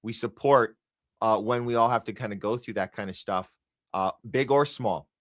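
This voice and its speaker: A man's voice: fairly low pitch, normal speed, no echo, studio quality. A man hosting a podcast, talking casually and encouragingly, wandering and restarting his sentences. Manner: rambling, encouraging, many restarts. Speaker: podcast host.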